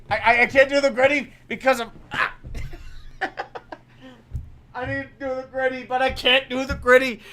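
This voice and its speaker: A man with a very high, piercing voice calls football play by play on his own stream. He is profane and excitable and breaks into shouts on big plays. He is recorded from a little distance. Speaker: livestream commentator. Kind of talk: amateur play-by-play commentary.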